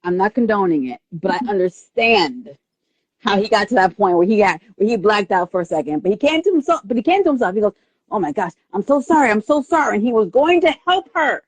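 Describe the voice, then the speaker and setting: A woman hosting a casual live movie review chat, animated and quick to laugh, acting out lines from scenes as she retells them. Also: medium pitch, husky, no room sound. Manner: animated, quotes lines in put-on voices, lots of laughter. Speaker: host. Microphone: live video stream.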